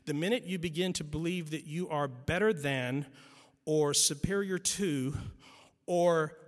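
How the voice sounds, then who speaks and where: A man's voice: a little high, a little slow. A male preacher giving an emphatic sermon, driving points home by repetition and adding wry asides. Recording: long reverb in a large hall.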